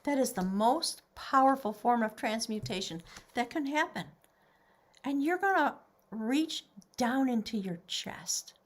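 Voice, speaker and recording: A woman giving a tarot reading to camera, animated and excitable, now and then dropping to a whisper. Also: a little high, a little slow. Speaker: tarot reader.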